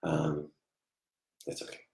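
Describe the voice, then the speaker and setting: A man giving a live online psychic reading, soft-spoken and halting, often trailing off quietly. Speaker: psychic medium. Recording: echoey room.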